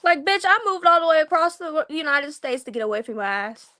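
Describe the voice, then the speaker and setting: A woman vents on a livestream with open contempt, swearing as she goes. Her voice sits high. She mocks and scolds in a blunt, scornful way. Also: lively intonation, brisk, bright, forceful tone. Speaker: stream guest. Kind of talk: angry livestream rant.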